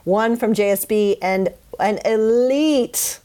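A woman's voice: fairly high pitch, warm tone. Upbeat woman hosting a podcast. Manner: upbeat, chatty sign-off with quick asides. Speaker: podcast host. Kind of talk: casual podcast chat.

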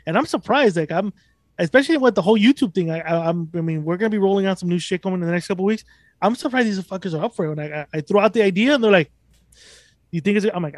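A man's voice: high voice, rapid-fire, no room sound, studio quality. A young man hosting a podcast, talking casually in a profane, rambling, emphatic way. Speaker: podcast host.

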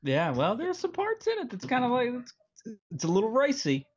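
A man's voice: very high-pitched, wildly swooping pitch, fairly quick, dull audio, a crowd in the background. Rambling podcast co-host man. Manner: rambling, goes off on tangents, chuckles often. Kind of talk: casual podcast chat.

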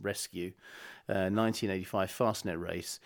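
A man's voice: sits low, normal speed, vocal fry. Chatty man spinning anecdotes. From England. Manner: lively storyteller, chuckles often. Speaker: musician guest. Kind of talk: casual anecdotal chat.

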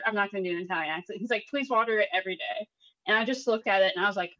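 A woman's voice: mid-range voice, quick pace, fairly bright tone, lo-fi sound. A woman guest on a podcast in casual chat, with wry, self-mocking humor.

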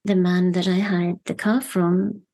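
A woman's voice: lowish voice, little pitch movement, mellow. Thoughtful middle-aged woman novelist. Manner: thoughtful, measured, searching for words. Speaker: novelist guest. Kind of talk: reflective interview talk.

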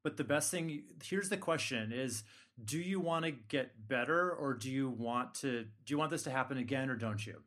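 A man's voice: medium pitch, moderate pace, fairly bright tone. A male podcast host with a mid-range voice, talking casually. He teases his co-hosts and gives blunt, tough-love advice. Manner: joking, then frank tough-love advice.

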